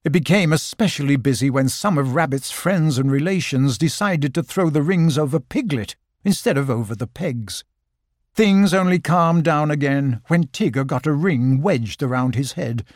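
A man narrating a children's storybook with a lively, expressive reading. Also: on the high side, moderate pace, no echo, clean studio sound.

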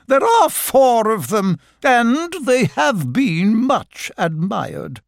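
A man voicing a polite, proud female otter in a storybook reading, prim and quiet. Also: sits high, big pitch swings, drawn-out words, creaky, no echo, studio quality, pitched above the performer's own voice, heavily acted.

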